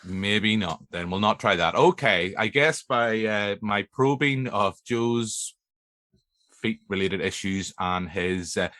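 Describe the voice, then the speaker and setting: A man's voice: lowish voice, slow pace, a bit bright, dry recording, studio quality. A man with a Northern Irish accent hosting a movie podcast, chatting casually in a jokey, rambling way with many fillers. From Northern Ireland. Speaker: podcast host. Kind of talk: casual chat.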